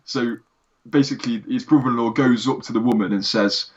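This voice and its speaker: A man co-hosting a casual podcast review. He talks in an animated way and laughs while retelling funny scenes. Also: mid-range voice, fairly quick. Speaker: podcast co-host. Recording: dull lo-fi sound.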